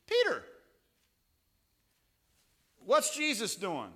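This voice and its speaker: A man preaching a sermon as pastor, chatty and rambling with asides, rising to loud, emphatic peaks. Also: high-pitched, wildly swooping pitch, extremely slow. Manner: conversational, rambling with asides and restarts.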